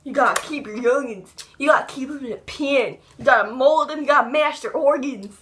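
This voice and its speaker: A woman's voice: sits high, fairly quick, background noise, lightly acted. A woman voicing a genderless old Mister Newman who mumbles like an old-timer in an improvised comedy sketch. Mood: muttering.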